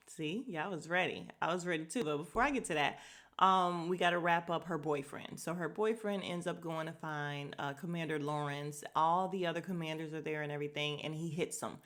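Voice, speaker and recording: A young woman hosting a casual podcast recap, animated and swearing freely, acting out scenes in quick little voices. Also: lowish voice. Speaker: podcast host.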